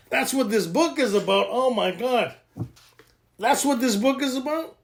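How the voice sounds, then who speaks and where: High-voiced excitable man teaching. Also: unhurried, creaky, a little hiss or hum. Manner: joking, excitable, laughs often. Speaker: recovery workshop speaker. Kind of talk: animated teaching talk.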